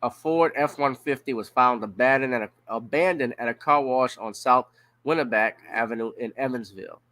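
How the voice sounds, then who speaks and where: A man's voice: medium pitch, a bit bright, no room sound. Blunt profane man from Louisiana. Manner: blunt, profane, drawn-out emphasis. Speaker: news commentator. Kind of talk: casual news reaction commentary.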